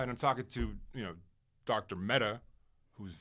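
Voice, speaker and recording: A man speaking candidly as a podcast guest, emphatic and animated at times, then quiet and reflective, swearing casually and using plenty of fillers. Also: medium pitch, brisk. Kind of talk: candid conversational interview.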